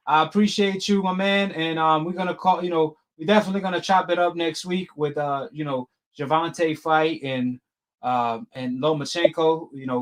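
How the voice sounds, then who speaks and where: A man hosting a live boxing talk stream, chatting in a casual, slangy way and laughing often. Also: a little high. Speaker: host of a boxing talk show.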